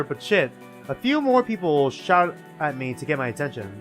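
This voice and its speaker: A man's voice: a little high, sing-song, moderate pace, a bit bright, soft background music. A young man streaming a game, chatting casually, swearing freely and reading the story aloud.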